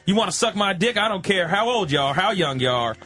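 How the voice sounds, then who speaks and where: A man doing a crude, vulgar drifter in his mid-thirties who bellows his boasts. The voice is pushed up high and bright, loud and coarse, on a radio comedy show. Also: lively intonation, fast talker, faint music behind. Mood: crude boasting. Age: 35 (figure).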